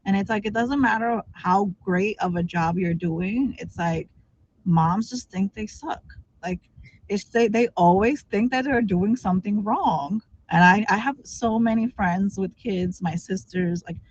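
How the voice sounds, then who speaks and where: A woman's voice: medium pitch, a little slow, highs cut off. A woman guest chatting casually, upbeat and encouraging, with many "like" fillers. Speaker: guest streamer. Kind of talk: casual chat.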